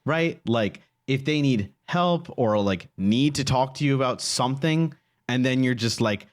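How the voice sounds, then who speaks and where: A man's voice: mid-range voice, a little slow. A man co-hosting a comedy podcast, talking casually with lots of fillers and laughter. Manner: laughing, rambling with many fillers. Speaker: podcast co-host.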